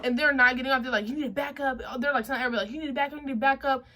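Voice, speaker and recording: A woman's voice: high voice, rapid-fire, slight background noise. A young woman vlogger telling a story in a casual, slangy way, acting out what people said. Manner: animated, slangy, acts out quotes.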